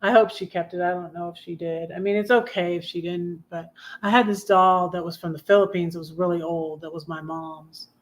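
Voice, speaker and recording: A woman's voice: fairly low pitch, fairly even intonation, brisk, hardly any pauses. A woman in her fifties hosting her own livestream, telling personal stories in a rambling, confiding way with frequent self-corrections. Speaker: livestream host. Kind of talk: casual personal storytelling.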